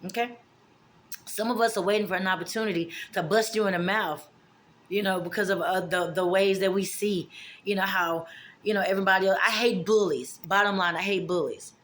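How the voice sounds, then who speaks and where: A woman, telling a story in a casual vlog and acting out the dialogue with big jumps in her voice. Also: brisk. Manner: animated, acts out dialogue with big pitch jumps. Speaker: vlogger.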